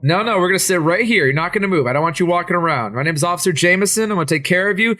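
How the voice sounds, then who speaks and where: A man voicing a calm, firm police officer who keeps someone seated and steady. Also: medium pitch, brisk, no room sound. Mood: firmly calming. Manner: steady and controlling.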